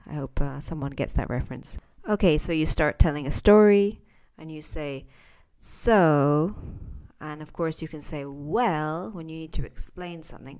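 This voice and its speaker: A woman teaching English phrases in a chatty podcast lesson, acting out sample lines with lively intonation. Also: deep voice, unhurried, smooth.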